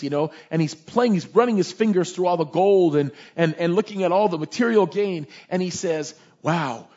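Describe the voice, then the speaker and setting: A man preacher giving a sermon, retelling Bible stories in an animated, informal way with slangy asides. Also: high-pitched. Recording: dull lo-fi recording.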